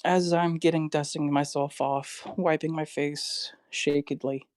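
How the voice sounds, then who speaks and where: Woman, low voice, slow hesitant speech, tabletop player, dry sound. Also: fairly even intonation, darkish tone, no echo. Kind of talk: tabletop game role-play.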